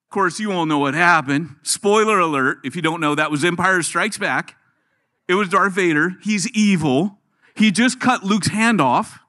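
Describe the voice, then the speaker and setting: A middle-aged guest preacher with a rather high voice delivers a church sermon at a moderate pace. He's animated, joking and telling stories as he goes.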